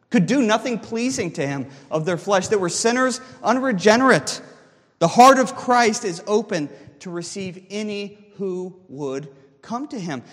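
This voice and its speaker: Guy preaching a sermon, kinda high voice, lots of "okay?", big echoey hall sound. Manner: explanatory, frequent "okay?" check-ins. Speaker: pastor.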